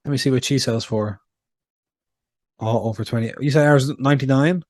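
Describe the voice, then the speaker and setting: A man's voice: medium pitch, normal speed, a little mellow, dry recording. Young male podcast co-host, easygoing rambler, mid-range voice, dry close mic. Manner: rambling, storytelling with many fillers. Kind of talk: casual chat.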